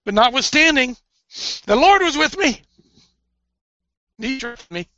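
Fervent male preacher, gravelly and bright-toned, on a dull, dry lo-fi recording. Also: high-pitched, no room sound. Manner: fervent, swings between hushed and loud. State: tearful. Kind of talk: impassioned preaching.

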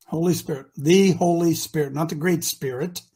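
A man's voice: a little high, steady tone, moderate pace, breathy edge. Emphatic, preachy male talk show host. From Ohio. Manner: emphatic and preachy, swinging between shouting and mutters.

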